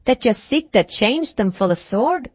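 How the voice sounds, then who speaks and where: A proud Highland piper and rival, played by a woman reader keeps his manners cool and polite while he needles his opponent. His voice sits a little higher and lighter than the narration around it. The sound is dry and close. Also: animated, a little slow, darkish tone, no echo. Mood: coolly polite.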